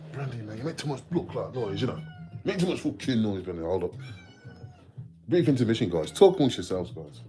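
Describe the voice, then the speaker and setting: Low-voiced Midlands man chatting on stream. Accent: English Midlands. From English Midlands. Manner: chatty and rambling, sweary, laughs often, reads out viewer comments. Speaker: livestream host. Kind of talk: casual livestream chat.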